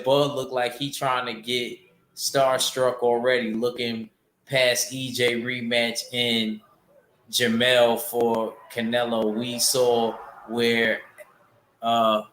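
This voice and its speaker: A man's voice: mid-range voice, little pitch movement, slow pace, pauses often, fairly bright tone, echoey room, a little hiss or hum. A man hosting a casual boxing livestream, rambling loosely and answering his chat. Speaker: boxing show host reading chat.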